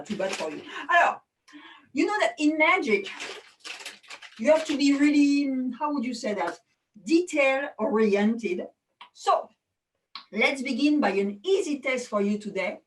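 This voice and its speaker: A woman's voice: high-pitched, animated, unhurried, distant mic, slight background noise, poor audio. A woman from France with a French accent, doing chatty, self-mocking magic show patter over a video call.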